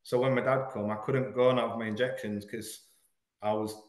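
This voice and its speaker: A man's voice: mid-range voice, steady tone. Frank man in an echoey room. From Hull, England. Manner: frank, earnest, halting at painful moments. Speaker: podcast guest. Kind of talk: candid personal storytelling in an interview.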